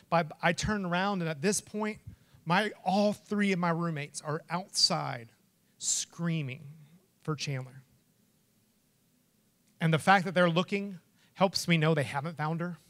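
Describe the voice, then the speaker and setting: A middle-aged man preaching a sermon as a lively storyteller, acting out voices and shouting names. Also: high voice. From Texas. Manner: animated storyteller, acts out quotes and shouts. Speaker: pastor.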